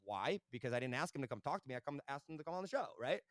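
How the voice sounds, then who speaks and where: Fast-talking man telling business stories. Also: medium pitch, dry recording, studio quality. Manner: fast, animated, keeps asking "right?". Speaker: podcast guest, entrepreneur. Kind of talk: casual interview storytelling.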